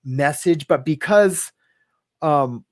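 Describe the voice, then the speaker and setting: A man's voice: a little high, slow pace, a little mellow. A man hosting a casual talk show, rambling and hesitant, with lots of fillers and restarts and some casual swearing. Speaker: podcast host. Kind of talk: casual chat.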